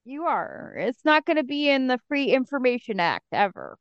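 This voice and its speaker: A woman's voice: sits high, very animated, normal speed, dry recording. A woman co-hosting a podcast, chatting casually and animatedly with playful asides as she recaps an episode. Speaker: podcast co-host. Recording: dry, dull lo-fi mic.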